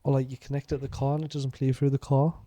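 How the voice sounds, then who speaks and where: A man's voice: medium pitch, flat delivery, very fast, mellow, no echo. A young man with a Northeast English accent, co-hosting a casual podcast, swearing and laughing a lot. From Northeast England. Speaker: podcast co-host.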